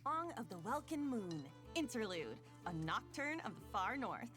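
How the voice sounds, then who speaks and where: Cheerful high-voiced woman host. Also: sing-song, normal speed. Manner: cheerful, giggly. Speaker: program host. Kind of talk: scripted broadcast hosting. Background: background music.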